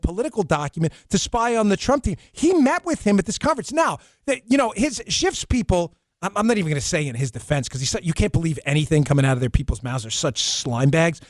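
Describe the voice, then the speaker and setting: A man from New York hosting a political talk show, sarcastic and animated, with quick asides. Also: high voice, dry recording, studio quality. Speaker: host.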